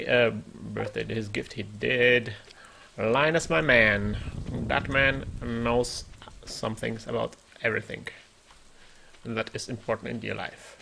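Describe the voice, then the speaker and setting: A man's voice: medium pitch, gravelly, bright, forceful tone, a little hiss or hum. A man giving chatty let's-play commentary, thinking aloud and exclaiming at what he finds in the game. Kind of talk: gameplay commentary.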